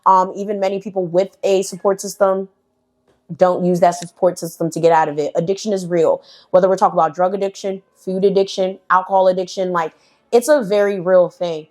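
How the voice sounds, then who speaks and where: A woman's voice: fairly low pitch, fairly even intonation, a little fast, darkish tone. A young woman telling a casual storytime, candid and profane, full of "like" and "right". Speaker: storytelling vlogger.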